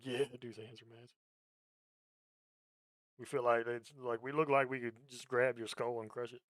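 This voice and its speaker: A man's voice: medium pitch, flat delivery, normal speed, a bit bright, dry recording. A man hosting a podcast in casual chat, telling rambling, profane stories and laughing often into a close mic. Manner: profane, rambling storyteller who laughs a lot. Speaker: podcast host.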